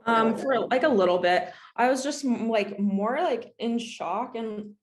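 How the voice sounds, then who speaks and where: A young woman co-hosting a podcast, chatting casually and telling an animated story, acting out both sides of an argument. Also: on the high side, measured pace. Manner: animated storytelling, acts out quoted exchanges. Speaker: podcast co-host. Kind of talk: casual chat.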